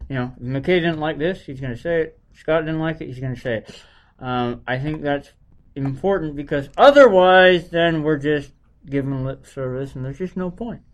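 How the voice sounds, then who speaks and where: A man's voice: fairly high pitch, normal speed. A man hosting a casual podcast chat, rambling and restarting as he talks through a movie. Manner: rambling, restarts, laughs at himself. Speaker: podcast host.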